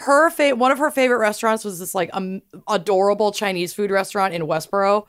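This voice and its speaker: A woman's voice: mid-range voice, fast talker, clear, resonant tone, dry recording. A woman co-hosting a casual podcast chat, joking and swearing as she tells family stories. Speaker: podcast co-host.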